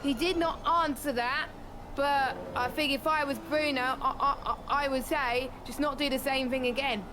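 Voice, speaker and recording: Woman co-host of a sim racing stream, high voice, chatty with lots of ums, noisy hiss behind. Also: steady tone, normal speed. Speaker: co-commentator.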